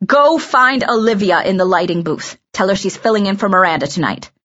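A stern, exasperated male drama director barks clipped orders and breaks into sudden shouts, as a woman reads him. His voice sits in a middling register. The sound is muffled and lo-fi. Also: medium pitch, animated, brisk. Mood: angry. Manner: clipped, scolding, bursts into shouts. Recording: dull lo-fi audiobook recording.

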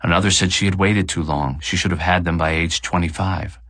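A man narrating an audiobook in a measured, expressive reading. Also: low voice, dry recording. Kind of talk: scripted narration.

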